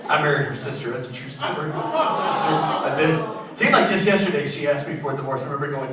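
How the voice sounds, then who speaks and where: Male stand-up comic, high voice, brash crowd work, echoey club, roaring crowd. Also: animated, fairly quick, far from the mic. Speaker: stand-up comedian. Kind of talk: stand-up comedy set. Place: comedy club stage. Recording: echoey club recording from afar, loud crowd. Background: crowd laughter.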